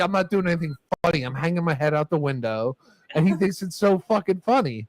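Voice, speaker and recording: This man's voice is on the high side, animated and brisk, with no echo. Sitting with friends at a bar or podcast table, he rambles through a profane story and keeps laughing throughout.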